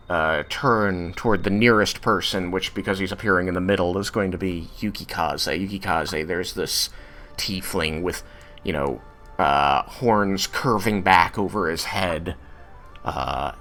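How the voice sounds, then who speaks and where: Low-voiced game master, unhurried. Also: male voice, fairly bright tone, faint music behind. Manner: hesitant, many fillers. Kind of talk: narrating a tabletop game.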